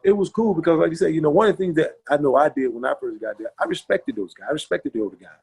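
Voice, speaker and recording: A middle-aged man with a husky, slightly higher-pitched voice tells stories from his playing days. His delivery is folksy and meandering, and he circles back on his own phrases and fills the gaps with "you know". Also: rapid-fire, darkish tone. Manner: folksy, repeats himself, lots of "you know". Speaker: podcast guest, former pro football linebacker. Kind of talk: casual storytelling interview.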